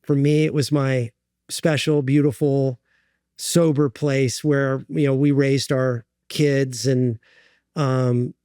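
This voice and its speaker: A middle-aged man speaking as an interview guest in a dry, close room, earnest and halting, with frequent ums and restarts. His voice sits at an ordinary pitch, and the story comes out in short broken phrases. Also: little pitch movement, mellow, smooth, dry recording. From United States.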